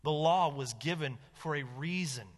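A man preaching a sermon as pastor, animated and emphatic, dropping his voice low to stress a point. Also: moderate pace, in a large hall.

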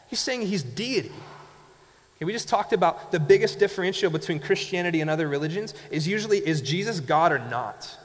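A man preaching a sermon as a pastor, telling stories in a conversational way and asking rhetorical questions. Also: on the high side. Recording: long hall reverb.

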